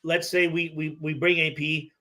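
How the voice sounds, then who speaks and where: A man's voice: on the high side, little pitch movement, normal speed, sharp tone. A man in his forties, a former player, talking in a casual podcast chat, hesitant with many restarts and plenty of swearing. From Michigan. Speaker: former player and guest analyst.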